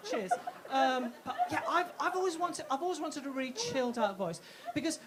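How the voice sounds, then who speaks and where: A woman's voice: high voice, lively intonation, fairly quick. A woman comedian with a posh-sounding voice doing a live stand-up set, self-mocking, swearing freely, stumbling over and repeating words. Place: comedy club stage. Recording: live club recording with crowd noise. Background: audience laughing.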